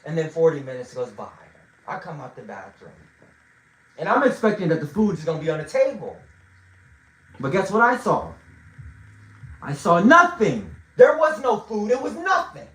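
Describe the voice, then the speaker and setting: A man telling a long story in a casual way, swinging between loud bursts and low mutters. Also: big pitch swings, normal speed. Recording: roomy echo.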